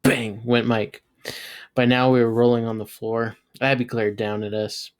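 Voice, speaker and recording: A man, a teacher, reading a novel aloud and bringing the dialogue to life with sudden jumps in pitch and loudness. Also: a little slow, smooth. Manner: lively, voices characters with jumps in pitch and loudness. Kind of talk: read-aloud storytelling.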